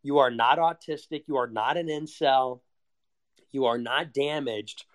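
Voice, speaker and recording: A man's voice: mid-range voice, unhurried. A man delivering a heated, sarcastic, profane rant as a solo monologue. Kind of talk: ranting monologue.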